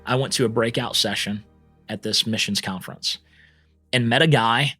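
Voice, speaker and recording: A man speaking as a podcast guest, telling his story in an earnest, emphatic, animated way. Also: medium pitch, normal speed, faint music behind. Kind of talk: storytelling interview.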